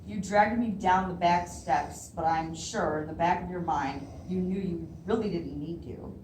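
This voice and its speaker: A woman's voice: fairly low pitch, unhurried, darkish tone, a little hiss or hum. A woman poet reading her own poems aloud at a library event, nervous and laughing often between lines. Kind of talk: live poetry reading. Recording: roomy hall, voice from a distance.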